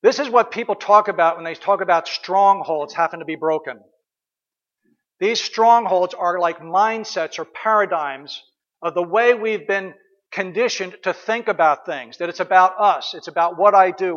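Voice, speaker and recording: A man with a high voice preaches a sermon, putting questions to his listeners and repeating short prayers over and over. The recording is dull and lo-fi. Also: normal speed, a bit bright.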